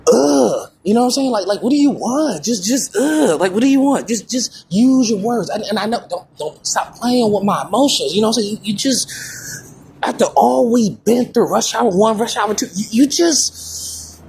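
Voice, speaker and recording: A woman's voice: fairly high pitch, animated, moderate pace, creaky, a little mellow, a little hiss or hum. Indignant woman ranting in a comedy bit. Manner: rambling, repetitive, stammering restarts; indignant, lecturing. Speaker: comedian playing a head of state. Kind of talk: improvised comedic rant in character.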